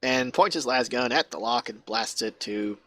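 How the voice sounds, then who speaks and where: A man running a tabletop game as game master, narrating quickly and wryly. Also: mid-range voice, pushed and bright, a little hiss or hum.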